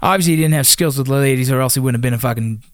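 A man's voice: medium pitch, very fast, no room sound, clean studio sound. A man who is a former Army Ranger, telling a personal story in a casual, blunt way, full of swearing and fillers. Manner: blunt and profane, with many fillers.

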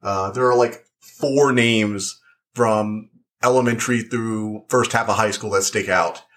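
A man's voice: fairly low pitch, fairly even intonation, unhurried, fairly bright tone. A young man talking through a show review in casual chat, rambling and full of likes and uhs.

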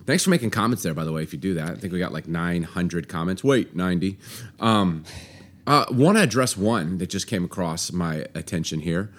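A middle-aged man hosting a relaxed podcast chat in a lower voice. His talk rises and falls a lot, and he jokes and teases freely with filler words throughout. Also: a little fast. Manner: jokey, teasing, lots of ums and laughs. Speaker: podcast co-host. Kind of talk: casual chat.

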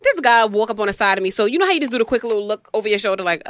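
Fast-talking blunt woman. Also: mid-range voice, expressive, fairly bright tone, a little hiss or hum. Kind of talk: casual chat.

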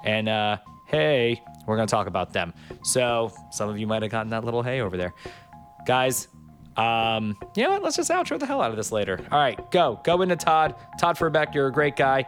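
A man hosts his podcast in a casual, meandering way, full of asides, fillers and jokes. He comes from Miami Beach and sounds a little under the weather. Faint music sits quietly behind his voice. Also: mid-range voice, normal speed. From Miami Beach, Florida. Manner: rambling, loose and joking, with filler words. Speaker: podcast host.

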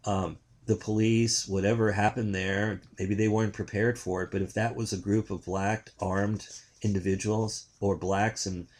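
A man's voice: on the low side, level tone, moderate pace, darkish tone. An older man, a journalist, giving indignant political commentary in a rambling way, with frequent restarts.

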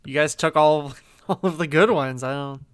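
A man co-hosting a casual podcast, chiming in in a laid-back, soft-spoken way. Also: fairly high pitch, normal speed, clean tone, dry recording. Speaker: podcast co-host. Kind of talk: casual chat.

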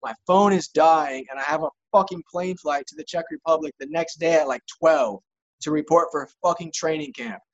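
A man's voice: fairly high pitch, fairly quick, highs cut off. A young man, a touring musician, telling a rambling story in casual chat, with profane words and lots of filler.

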